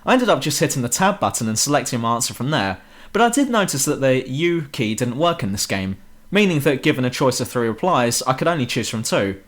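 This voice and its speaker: Sweary sarcastic British game reviewer. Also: male voice, mid-range voice, big pitch swings, a little fast, a bit bright. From Britain. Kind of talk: ranting game review voice-over. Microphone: home computer mic.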